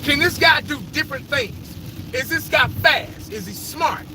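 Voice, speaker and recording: A man with a very high, lively voice shares his opinionated take on football legends, speaking a little slowly amid background noise. This fan vlogger's casual sports rant wanders, and he curses without restraint.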